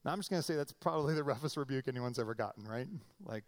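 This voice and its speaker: A middle-aged male pastor preaching in a conversational, animated way, acting out quotes with comic voices. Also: mid-range voice, very fast. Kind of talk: sermon.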